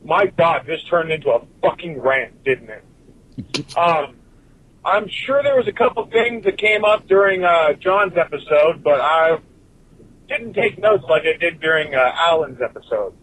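A man's voice: fairly high pitch, expressive, unhurried, fairly bright tone, a little hiss or hum, rough recording. Swearing man on a rambling rant. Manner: swears constantly, drifts from point to point. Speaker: listener sending in a recorded message.

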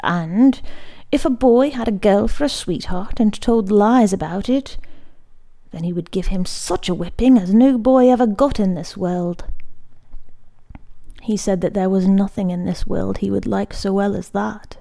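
A woman narrates a literary short story in a measured, unhurried reading. Her voice is mellow and warm, with a gravelly rasp at the bottom of it. At quieter moments she sinks to a hushed near-whisper. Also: mid-range voice. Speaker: audiobook reader.

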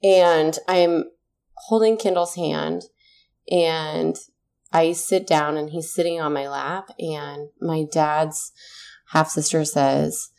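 A woman's voice: deep voice, steady tone, slow pace, vocal fry, a little mellow. A woman, a mother in her thirties, earnestly telling a personal story in a casual chat, swearing now and then when heated.

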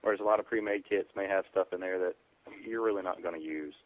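A deep-voiced man speaks as a guest in a casual interview over a tinny phone line. He sounds dry and close, with no room around him. He explains in an easygoing, plain way and often pauses on "um" and "you know.". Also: no room sound. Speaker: EMT guest on a preparedness podcast.

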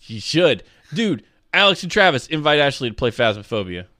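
A man co-hosting a live stream in casual chat, telling animated stories and acting out the people in them. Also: medium pitch, moderate pace, no echo, studio quality. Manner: animated storyteller, acts out quoted people. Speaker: streamer co-host.

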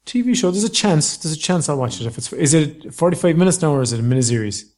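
A man co-hosting a casual film podcast, making sardonic, deadpan put-downs. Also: fairly high pitch, quick pace. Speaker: podcast co-host. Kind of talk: casual film review chat.

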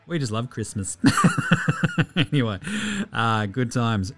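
A man's voice: medium pitch, slow, fairly bright tone, faint music behind. An Australian man hosting a casual sports news podcast, sarcastic and profane as he mocks the people he talks about. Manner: sarcastic, profane, mocking rants. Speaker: podcast host.

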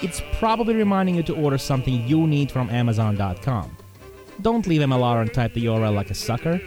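A man's voice: mid-range voice, sing-song, fast talker, darkish tone, faint music behind. A man reading a scripted station promo in a snarky, bossy tone.

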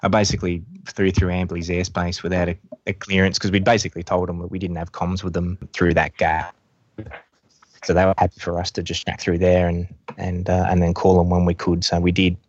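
Male pilot guest, deep monotone, muffled dry recording, hesitant storytelling. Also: no echo. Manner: halting, many fillers and restarts. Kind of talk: recounting a rescue story. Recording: dull lo-fi dry sound.

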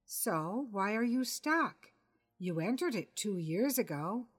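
A woman's voice: mid-range voice, lively intonation, slow pace, slightly rough. A woman reading a dry, dismissive wife. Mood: offhand. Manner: offhand, dismissive.

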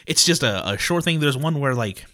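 A man co-hosting a podcast, chatting casually about tabletop adventures in a rambling, animated way full of filler words. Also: mid-range voice, normal speed. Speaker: podcast co-host.

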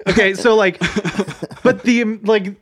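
A man co-hosting a podcast in casual chat, telling animated stories, mimicking others and laughing. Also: high-pitched, a little slow. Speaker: podcast co-host.

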